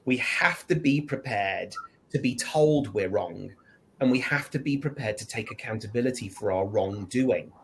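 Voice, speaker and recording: A man speaking as a guest on a discussion panel, animated, switching into higher voices to act out lines. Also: normal speed, creaky, poor audio. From United Kingdom.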